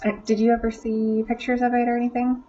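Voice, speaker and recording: A woman narrating a tabletop game as dungeon master, often pausing with "um". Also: a little high, monotone, recorded from a distance, a loud crowd. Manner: hesitant, many ums. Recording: dull lo-fi audio.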